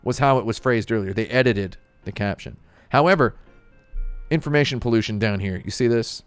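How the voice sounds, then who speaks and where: A man streaming, telling a sardonic story as a casual comedic rant, deadpan, with bursts of mock outrage. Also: fairly low pitch, fairly quick, clear, resonant tone, no room sound, soft background music.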